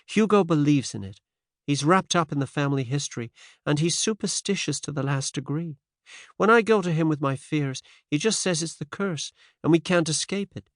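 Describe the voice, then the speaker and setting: A determined American wife and mother around thirty, as a male reader puts her on, with a faint American accent. She talks earnestly and briskly in a raised, animated voice. The sound is close and dry. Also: fairly high pitch, dry recording, voice pushed up, lightly acted. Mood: worried. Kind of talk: audiobook character voice.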